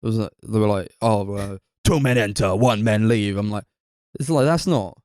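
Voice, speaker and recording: A man, co-hosting a casual movie podcast, rambling excitedly, swearing and laughing often. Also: fairly low pitch, normal speed, dry recording. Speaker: podcast co-host. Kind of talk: casual chat.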